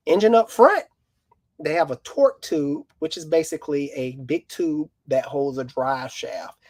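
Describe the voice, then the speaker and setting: A man's voice: mid-range voice, a little mellow, no echo. A man, a mechanic co-hosting a casual live car Q&A, who explains at length in a folksy way. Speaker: mechanic, co-host.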